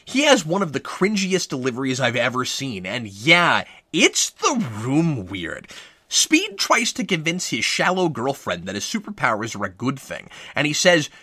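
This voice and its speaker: A man's voice: medium pitch, huge pitch swings, moderate pace, few pauses, bright, forceful tone, breathy edge, no echo. A man reading a scripted movie review in a wry, sarcastic manner, close to the mic.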